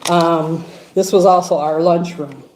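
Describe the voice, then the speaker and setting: Chuckling woman with a mellow low voice. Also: fairly even intonation, unhurried, a little hiss or hum, poor audio. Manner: chuckling, reminiscing. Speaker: friend giving a eulogy. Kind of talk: storytelling eulogy at a funeral. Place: funeral service room.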